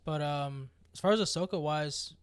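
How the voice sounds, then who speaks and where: A man's voice: a little high, normal speed, a little hiss or hum. A man co-hosting a podcast in casual chat, explaining show lore with many hesitations. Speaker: podcast co-host.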